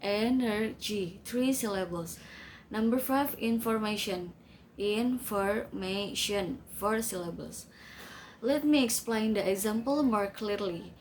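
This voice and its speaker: A woman reading a class presentation slowly and carefully, with small grammar slips. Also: on the high side, expressive, a little hiss or hum, rough recording. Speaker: student presenter.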